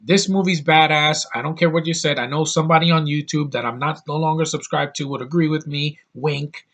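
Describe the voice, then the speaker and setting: A man's voice: fairly high pitch, steady tone, a little fast, a bit bright, muffled recording. A man in his thirties talking through a DVD haul in a casual vlog, blunt and opinionated, rambling with crude outbursts. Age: 30s. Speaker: YouTube reviewer.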